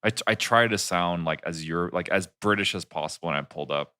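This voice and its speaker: A man's voice: low voice, quick pace, sharp tone, smooth. A young man chatting casually with friends, rambling through stories with lots of fillers. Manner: rambling storyteller, many fillers, bursts into silly put-on voices. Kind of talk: casual chat among friends.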